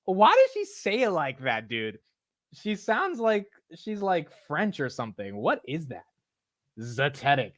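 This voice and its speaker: A young man hosting a live stock market stream in casual chat, excitable, laughing and swearing as his energy swings between calm and loud. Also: high voice, unhurried, no room sound, studio quality. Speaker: stock market livestream host.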